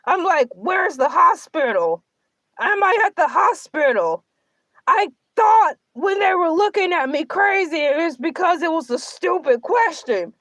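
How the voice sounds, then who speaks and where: A woman's voice: extremely high pitch, animated, measured pace, a bit bright, no room sound, full character voice. A woman voicing a boastful, self-pitying male shark who hosts a comedic livestream and rambles through melodramatic complaints. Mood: determined. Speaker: livestream show host in character. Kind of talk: comedic character livestream monologue.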